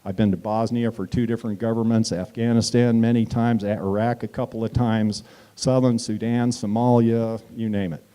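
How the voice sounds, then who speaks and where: Low, dark-voiced man giving a rousing speech. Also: level tone, moderate pace, smooth. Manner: emphatic storytelling, rising to loud declarations. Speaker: town hall speaker. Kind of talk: political stump speech. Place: community meeting hall.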